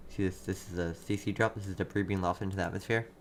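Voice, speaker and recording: A man's voice: deep voice, fairly even intonation, fast talker, a little hiss or hum. A man hosting a live severe weather stream, giving urgent, repetitive warnings and answering viewers' chat. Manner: urgent, repeats himself, reads chat. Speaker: livestream weather host.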